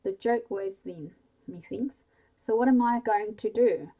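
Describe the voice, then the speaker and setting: A woman's voice: mid-range voice, a little slow, mellow, highs cut off. A woman voicing an impulsive, dramatic young actress in a whispered bedtime story. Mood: grumpy. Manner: exclaiming and protesting. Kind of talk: whispered role-play.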